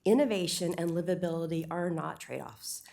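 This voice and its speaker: Slightly breathless woman with a creaky low voice. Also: fairly quick, mellow. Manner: earnest, persuasive, lists points and corrects herself. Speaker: public commenter at a city council meeting. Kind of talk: prepared public comment speech.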